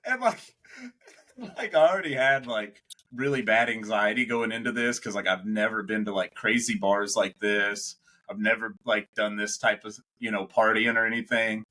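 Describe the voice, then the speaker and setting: A man's voice: fairly low pitch, normal speed, bright, forceful tone. A young man, a podcast co-host, telling a rambling, swearing anecdote in casual chat, laughing as he goes.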